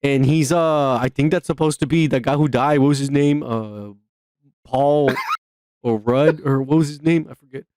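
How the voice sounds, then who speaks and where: A man co-hosting a podcast, talking in loud, profane, excitable banter and teasing his co-host. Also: mid-range voice, normal speed, clean tone, no room sound, studio quality. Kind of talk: crude comedic banter.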